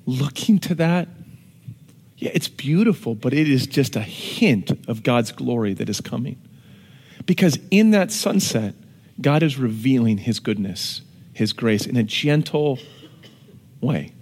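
A man preaching a sermon, animated, moving from hushed tones to shouted emphasis. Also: medium pitch, unhurried, slightly rough. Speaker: pastor. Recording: long hall reverb.

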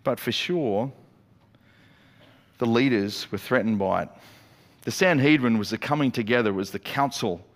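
A man preaching a sermon as a pastor, telling the story in a lively way with quick acted-out asides. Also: medium pitch. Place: church auditorium. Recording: long reverb of a church hall.

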